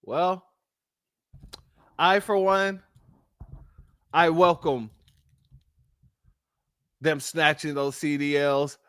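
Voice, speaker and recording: A man's voice: a little high, steady tone, drawn-out words, long pauses, fairly bright tone, clean tone, no room sound. A man hosting a commentary show, speaking indignantly and calling his listeners family. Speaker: host.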